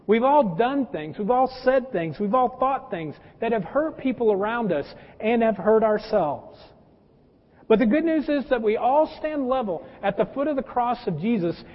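High-voiced folksy pastor preaching. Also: male voice. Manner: folksy, addresses listeners as folks; personal anecdotes and humor. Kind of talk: conversational sermon. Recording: dull lo-fi with long hall reverb.

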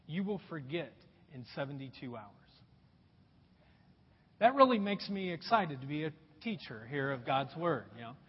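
Brief: high, lively male pastor, slightly husky, preaching in a long-echo hall on a dull recording. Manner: emphatic, repeats key phrases, drops to quiet. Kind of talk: sermon. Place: church auditorium.

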